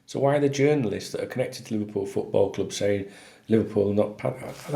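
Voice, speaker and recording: His voice sits on the low side, creaky yet warm, and he speaks briskly. The man is a football fan vlogger chatting casually to camera by himself, exasperated, blunt and freely profane.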